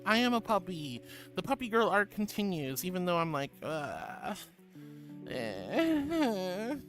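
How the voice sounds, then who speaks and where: A woman from Florida streams and reads her chat aloud in a bubbly, sweet way, calling viewers sweetie. Her medium-pitched voice is sing-song and unhurried, and music plays behind this casual chat.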